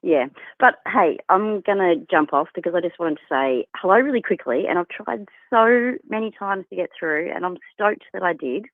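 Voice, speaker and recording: A woman's voice: fairly low pitch, expressive, normal speed, dry recording. An Australian woman calling into a show, friendly and slangy, laughing easily. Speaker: caller. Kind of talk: casual phone call. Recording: tinny phone line.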